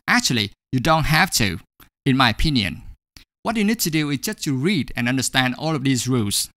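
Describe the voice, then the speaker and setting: A man teaching an English grammar lesson, speaking slowly and deliberately and saying each example word twice. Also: mid-range voice, lively intonation, a bit bright, no room sound, studio quality.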